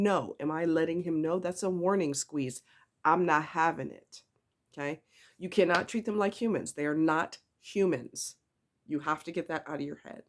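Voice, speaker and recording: Blunt, emphatic woman giving advice. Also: low voice. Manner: mild swearing. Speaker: dog owner giving advice. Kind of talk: casual advice vlog.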